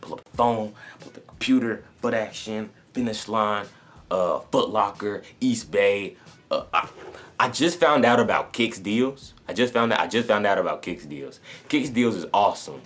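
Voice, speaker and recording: Deep-voiced young man telling a sneaker story. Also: expressive, moderate pace, fairly bright tone. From North Carolina. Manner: rambling, many restarts and fillers. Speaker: sneaker vlogger. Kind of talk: casual storytelling to camera.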